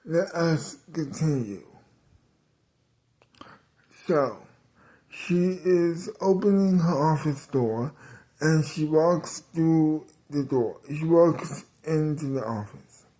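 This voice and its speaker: A man narrating an improvised serial story, halting often and restarting sentences. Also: a little high, mellow. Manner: halting, many fillers and restarts.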